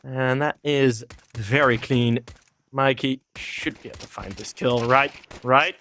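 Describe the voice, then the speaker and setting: A man's voice: mid-range voice, steady tone, unhurried, sharp tone, a little hiss or hum. A man casting a competitive shooter match alone, rambling casually between plays with fillers and small laughs. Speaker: esports caster. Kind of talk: solo live game commentary.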